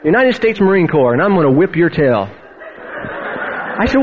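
A man's voice: a little high, big pitch swings, normal speed, long pauses, highs cut off, slight background noise. A man, a pastor, telling a personal testimony as a sermon, acting out the voices of the people in his story.

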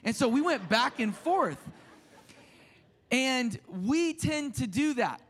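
A man's voice: very high-pitched, animated, takes it slowly. A man in his thirties preaching a sermon as a pastor, telling stories in a conversational, self-deprecating way with frequent restarts. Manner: drops to a soft hushed voice in prayer.

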